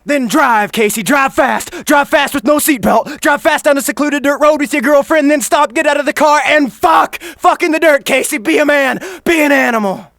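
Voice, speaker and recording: Intense high-voiced male slam poet, dry. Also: moderate pace, creaky, hardly any pauses, dry recording. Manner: intense and emphatic, building from low murmurs to shouting. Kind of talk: spoken word poetry performance.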